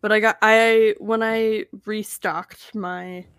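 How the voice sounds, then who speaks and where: A woman's voice: medium pitch, steady tone, takes it slowly, a bit bright, clear, resonant tone, dry recording, clean studio sound. A woman co-hosting a casual podcast, rambling and hesitant with lots of fillers. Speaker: podcast co-host.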